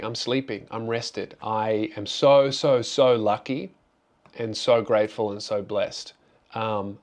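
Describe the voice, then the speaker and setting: A young adult man, a comedian running his own channel, answers questions casually and candidly. His voice sits on the low side, and he comes across as earnest and grateful, rambling and frequently restarting.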